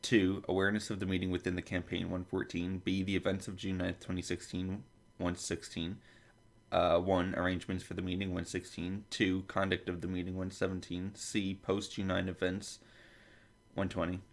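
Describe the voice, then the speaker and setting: Speaking in a low monotone at a moderate pace, this podcast host works through a lengthy table of contents. Coughing from a dry throat, he trips over foreign names and drops in asides.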